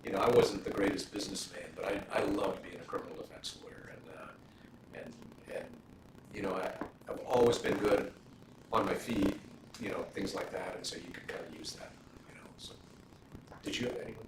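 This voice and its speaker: A middle-aged man, a judge, talking casually with law students in a relaxed question-and-answer session, full of "you know" fillers and anecdotes. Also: sits low, normal speed. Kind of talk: casual Q&A talk. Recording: roomy, distant mic, room noise.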